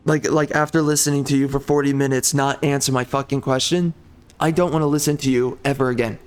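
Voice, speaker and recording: A gaming streamer ranting furiously, swearing constantly and circling back to the same complaints. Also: male voice, medium pitch, steady tone, brisk, clear, resonant tone. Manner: mocks others in a put-on sugary tone. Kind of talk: angry profane rant.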